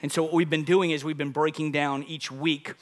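A man who is a lead pastor, delivering a sermon to a congregation, moving from calm teaching to loud, emphatic preaching with call-outs to the crowd. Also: a little high, fairly quick. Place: church service before a congregation.

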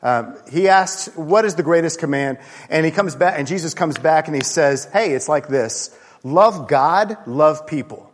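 A man's voice: on the high side, expressive, a little slow, a little hiss or hum. A man preaching a sermon as a pastor, talking casually, joking and poking fun at himself. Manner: casual, joking, self-deprecating. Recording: long reverb of a large hall.

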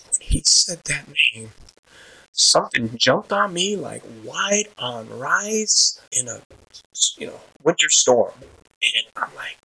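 Gravelly man telling his testimony. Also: mid-range voice, rough recording. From Bridgeport, Connecticut, USA. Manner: animated storyteller acting out quotes; casual street speech. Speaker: preacher giving his testimony. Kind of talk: personal testimony storytelling.

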